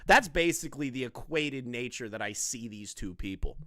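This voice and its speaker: A man's voice: medium pitch, animated, normal speed, fairly bright tone, no echo, clean studio sound. A man doing casual live-stream commentary on online drama, crude, profane and mocking in his delivery.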